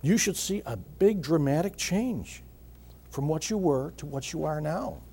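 A middle-aged man preaching a sermon in a measured way, repeating phrases and often clearing his throat. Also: fairly high pitch, expressive, dark tone, a little hiss or hum. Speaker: pastor.

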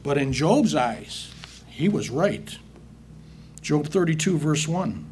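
A man gives a sermon in a slow, somewhat high, slightly mellow voice with lively intonation. He reads Bible verses aloud, then restates them in everyday language, addressing his listeners as brethren, and there is slight background noise.

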